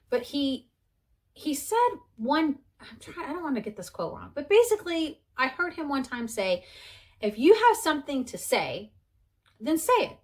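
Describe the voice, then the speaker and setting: A woman in her forties, talking in a heartfelt personal vlog, chatty and earnest, with many fillers. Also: high-pitched. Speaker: vlogger sharing her conversion story.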